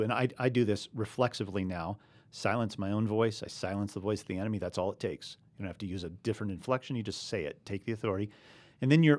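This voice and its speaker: A man with a lowish voice co-hosts a casual faith talk. He explains in an earnest way, with a chuckle here and there. The sound is dry and close. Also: a little mellow, no echo. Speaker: podcast co-host.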